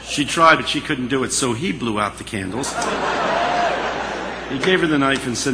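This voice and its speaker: A man telling a story to an audience in an animated, dramatic way, in a hall with a long echo. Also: medium pitch, normal speed, long pauses. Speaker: speaker. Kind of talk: storytelling speech. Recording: long hall reverb, faint hiss.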